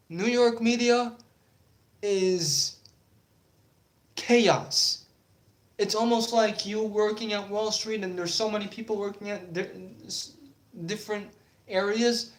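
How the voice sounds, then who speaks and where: Slow, halting young man in echoey room. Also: high-pitched. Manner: halting, many fillers, then heated and defiant. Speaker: YouTube sports channel host. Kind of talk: casual sports talk vlog.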